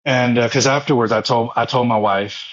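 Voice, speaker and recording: A man's voice: medium pitch, steady tone, normal speed, dull audio. A man in his thirties, a former pastor, telling his own story with emotion and repetition in an interview. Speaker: guest, foundation founder and former pastor.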